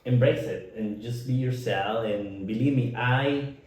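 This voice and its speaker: A man's voice: medium pitch, measured pace, darkish tone. A man from Nicaragua with a Nicaraguan Spanish accent, Spanish his first language, chatting earnestly as podcast co-host and laughing often. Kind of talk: casual chat. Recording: very echoey room.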